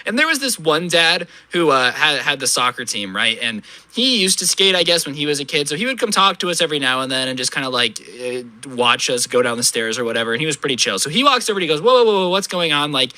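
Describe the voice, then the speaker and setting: A young man telling a story in a casual, sarcastic, animated way. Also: on the high side, fast, hardly any pauses, dry recording.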